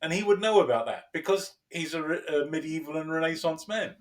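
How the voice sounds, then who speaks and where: Picked up on a distant mic, a podcast co-host and lecturer speaks a little fast at a fairly high pitch. He's animated in the conversation, chuckles frequently, and keeps restarting phrases.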